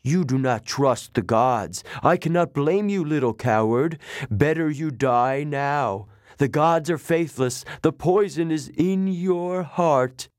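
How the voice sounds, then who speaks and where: A man voicing a cruel snake-woman monster in an audiobook, hissing and rasping, taunting slowly and drawing out the words. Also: on the high side, a little mellow, dry recording, studio quality, pitched above the performer's own voice. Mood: scornful. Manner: slow, drawn-out taunting delivery. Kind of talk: audiobook character voice.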